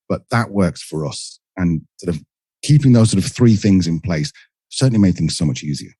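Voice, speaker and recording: Animated, husky British man. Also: sits low, no room sound, clean studio sound. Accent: British English. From England. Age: middle-aged. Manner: lively storyteller who acts out quoted exchanges. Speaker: podcast guest. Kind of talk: casual conversational interview.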